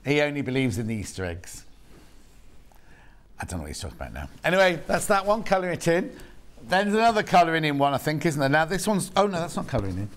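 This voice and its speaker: In a TV studio, a man with a British accent presents live home shopping, chatty and rambling with self-deprecating asides. His voice is on the high side, and a little hiss or hum can be heard.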